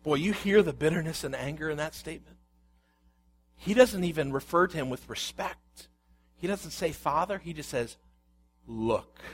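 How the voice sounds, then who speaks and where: A man's voice: fairly high pitch, normal speed, slightly rough. A man preaching a sermon, reading scripture aloud and explaining it with rhetorical questions. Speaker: pastor.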